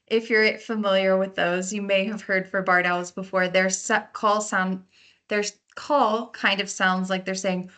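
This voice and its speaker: A woman's voice: medium pitch, steady tone, normal speed, pushed and bright. A woman park naturalist giving a lecture on learning birds by their sounds, explaining in a friendly way and sometimes imitating calls. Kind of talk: lecture on birding by ear.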